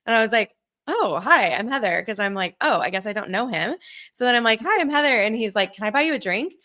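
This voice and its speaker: A woman in her thirties telling a story on a podcast, animated, acting out quotes and laughing often. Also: fairly high pitch, fast talker. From Southern California. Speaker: podcast co-host. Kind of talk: casual storytelling chat.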